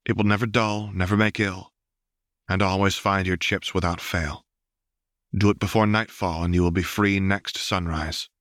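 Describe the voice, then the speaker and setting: A stern vengeful Wraith speaks in a deep, measured voice, as a male narrator voices him. Each threat comes slow and solemn. The sound is close and dry. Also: little pitch movement, a bit bright, no room sound.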